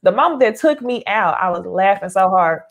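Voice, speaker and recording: A woman leading a casual panel chat, easygoing and quick to laugh. Her voice sits at a middle pitch and she keeps the talk moving. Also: lively intonation. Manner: laid-back, laughs often. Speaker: panel host. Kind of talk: casual group chat recapping reality TV.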